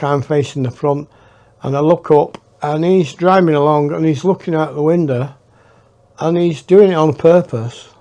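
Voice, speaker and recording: A man telling a personal adventure story in a casual, unhurried way, with pauses and hushed asides. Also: on the high side. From England. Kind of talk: casual spoken anecdote.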